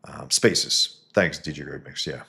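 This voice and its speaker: A man's voice: very deep voice, a little slow, creaky, sharp tone, husky. A man casually reviewing a comic on a live stream, rambling with many fillers and restarts.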